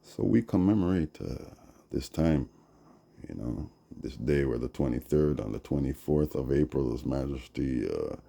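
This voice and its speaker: A man with a Jamaican accent preaching slowly on a live stream, dropping "see?" and "yeah?" between his lines. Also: rumbling low, big pitch swings, creaky, mellow. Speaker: Rastafari livestreamer. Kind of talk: rambling livestream preaching.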